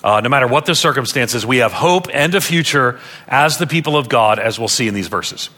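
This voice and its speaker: Male pastor, from Long Island, earnest teaching sermon voice, crisp and forceful. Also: mid-range voice, lively intonation, fairly quick. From Long Island, New York. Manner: earnest teaching, repeats key phrases for emphasis.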